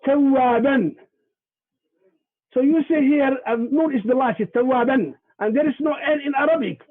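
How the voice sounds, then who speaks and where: A man teaches over a video call, and his voice sits very high for a man. He spells out sounds one by one, in a deliberate, patient way. The audio is thin and tinny, like a phone line. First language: Somali. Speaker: Somali language and culture presenter.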